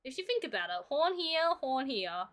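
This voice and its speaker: A young woman streamer and illustrator chats casually with her viewers while drawing on a livestream. Her high voice is very animated and a bit bright, at normal speed, and she's playful and talkative as she talks to chat.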